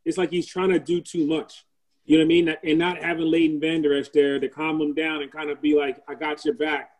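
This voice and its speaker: A man's voice: fairly high pitch, little pitch movement, fairly quick, a little mellow, poor audio. A male podcast guest in casual sports chat, explaining his point in a conversational way with filler words.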